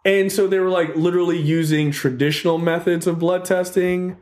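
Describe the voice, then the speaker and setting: A man's voice: high voice, brisk. A man hosting a podcast, telling a story in casual chat. He swears a lot, says "like" often, and keeps checking in with "right?". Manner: animated, profane storytelling with frequent "like" and "right?". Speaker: podcast host. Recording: roomy echo.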